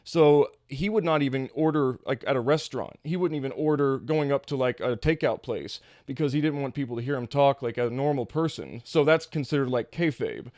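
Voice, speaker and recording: A young man from Kentucky tells wrestling stories in a loose, rambling way, laughing often as he goes. His voice sits at an everyday middle pitch. The sound is close and dry, with no room echo. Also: lively intonation, brisk, few pauses, darkish tone. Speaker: podcast guest, former pro wrestler. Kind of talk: casual storytelling chat.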